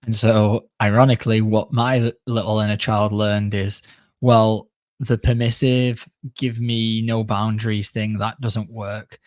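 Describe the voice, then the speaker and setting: A man's voice: on the low side, level tone, unhurried, no room sound. A man co-hosting a podcast, speaking in a matter-of-fact and reflective way. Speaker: podcast co-host. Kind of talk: casual podcast chat.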